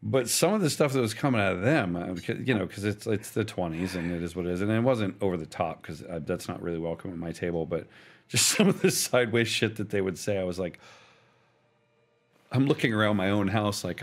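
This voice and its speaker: A middle-aged man in a relaxed group chat after a tabletop game, rambling with laughs and trailing-off restarts. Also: sits low, brisk.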